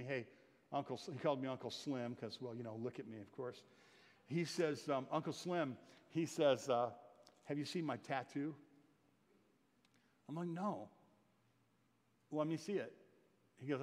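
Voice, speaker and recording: A man preaching a sermon in earnest, building louder and higher at the climaxes. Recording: long hall reverb.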